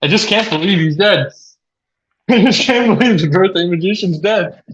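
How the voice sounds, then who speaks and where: A man co-hosting a comedy video, telling an absurd confession with mock seriousness, often laughing and shouting out quoted lines. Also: high-pitched, normal speed, highs cut off. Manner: laughing through absurd confessions, breaking into loud acted quotes. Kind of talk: deadpan mock apology, improvised comedy. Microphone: video call.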